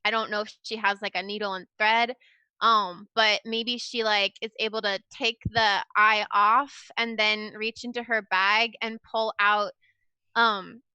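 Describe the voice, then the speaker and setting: A woman's voice: medium pitch, level tone, measured pace, bright, forceful tone, clean tone, no echo. A woman playing a tabletop game, friendly and eager as she speaks and plays her character. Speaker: player. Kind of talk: tabletop role-play.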